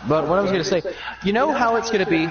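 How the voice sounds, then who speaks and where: A young man rambles through comic bits as he streams, his voice lively and bouncing up and down. He sits a little high, and the sound is muffled and roomy, as if he is some way from the mic. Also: rapid-fire, distant mic, music in the background. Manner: animated, rambling storyteller. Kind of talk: casual comedic riffing.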